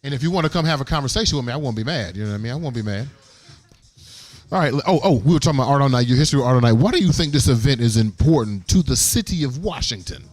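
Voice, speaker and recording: A man's voice: medium pitch, animated, racing, a little mellow, soft background music. A man hosting a live radio show from a gallery event, playful and hyped, repeating his lines and teasing his guests. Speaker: host.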